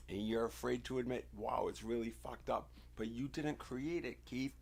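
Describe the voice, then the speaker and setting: A man from the United States hosting a livestream, giving an insistent, confrontational monologue with deliberate, emphatic phrasing. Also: mid-range voice, vocal fry. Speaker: livestream host.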